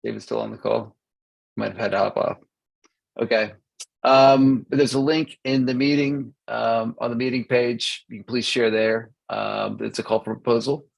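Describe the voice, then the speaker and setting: Host, male, creaky gravelly voice, halting casual delivery over a video call. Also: mid-range voice, fairly even intonation, low-quality recording. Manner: hesitant, filler-heavy, restarts. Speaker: meeting host. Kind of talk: casual online meeting chat.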